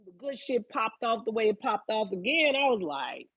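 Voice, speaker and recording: Husky woman going off on a live stream, cussing a lot, dry close sound. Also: fairly high pitch, normal speed, dry recording, dull audio. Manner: profane, animated, emphatic. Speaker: vlogger.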